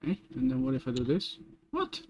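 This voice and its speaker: A man streaming game development, thinking aloud in a casual, halting way as he works through code. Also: a little mellow. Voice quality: muttering to himself, halting restarts.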